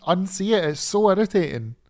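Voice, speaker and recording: A man with a high voice co-hosts a casual podcast. He is blunt and mocking, and he swears freely. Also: lively intonation, a little fast. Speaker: podcast co-host. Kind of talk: casual chat.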